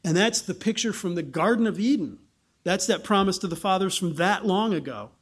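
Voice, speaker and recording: A man preaching a sermon in an animated way, often restarting phrases and acting out the people he quotes. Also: high-pitched, fairly quick, husky. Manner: animated, acts out quoted voices, frequent restarts.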